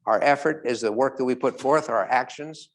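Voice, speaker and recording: A man speaking as a motivational speaker, telling stories to a live audience, asking it questions and slowing down on key points. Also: medium pitch.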